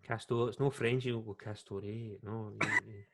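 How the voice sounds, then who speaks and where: A man with a Scottish accent co-hosting a podcast, teasing and animated in his banter. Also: lowish voice, fast, very noisy. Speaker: podcast co-host. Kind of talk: casual podcast chat over video call.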